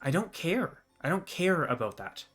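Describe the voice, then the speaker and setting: A man's voice: mid-range voice, a little slow, a bit bright, soft background music, natural voice. A man voicing a sulky, rebellious boy prince of about twelve who grumbles and talks back in a fantasy game. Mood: defiant. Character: defiant angry twelve-year-old prince.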